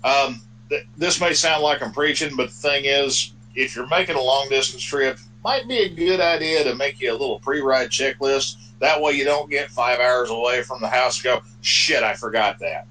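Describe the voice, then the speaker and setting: A man's voice: medium pitch, normal speed, bright, forceful tone, a little hiss or hum, low-quality recording. A man chatting casually on a livestream, laid-back, with dry jokes. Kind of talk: casual group chat on a livestream.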